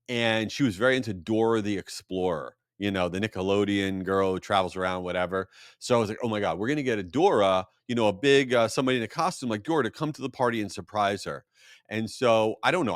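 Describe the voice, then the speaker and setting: A man hosting a podcast, telling a casual story and acting out the other people's voices with big jumps in pitch. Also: no room sound, studio quality. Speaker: podcast host.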